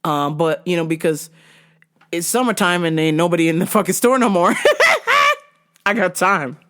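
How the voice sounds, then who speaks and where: A woman's voice: on the low side, sing-song, unhurried, fairly bright tone. A woman hosting her own show, telling a comic story in a casual, profane monologue. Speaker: podcast host.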